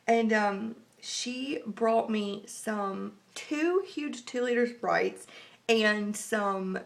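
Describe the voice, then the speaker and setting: A young woman, vlogging casually while getting over the flu, rambling and chatty. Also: vocal fry. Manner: chatty, rambling, acts out quotes in a high voice. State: recovering from flu. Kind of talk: casual vlog chat.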